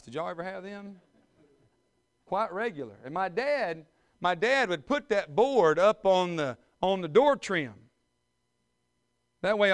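Folksy preacher, high and clear. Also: male voice. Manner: folksy humor building to loud fervent preaching. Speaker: pastor. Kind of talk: sermon.

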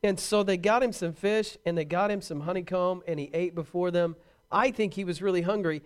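A man preaching a sermon, animated and emphatic, with touches of humor and repeated words for stress. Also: high voice, clear, resonant tone.

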